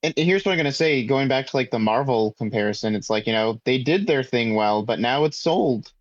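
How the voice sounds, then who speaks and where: A laid-back man co-hosting a podcast, his voice at a middle pitch. He thinks aloud, with lots of "uh" and "like". The sound is dull and lo-fi, and dry. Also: a little fast, no echo. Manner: relaxed, thinks aloud with many fillers. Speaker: podcast co-host. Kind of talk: casual chat.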